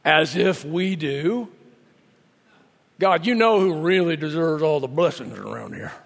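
Guy doing a jealous southern redneck, lower and drawling, grumbling sour, voice sounds far off in a big echoey hall. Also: animated, unhurried, vocal fry, full character voice. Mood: resentful.

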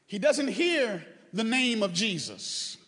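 A man preaches with a high voice that swings widely in pitch, slipping in playful asides before climbing to fervent shouts. His sermon rings out with a long church reverb. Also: big pitch swings, slow pace. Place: church sanctuary.

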